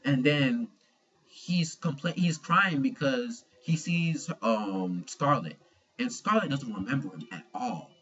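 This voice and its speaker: A man's voice: medium pitch, big pitch swings, slow, a bit bright, muffled recording. A young man giving a casual manga chapter review, slangy and profane, retelling scenes with animation.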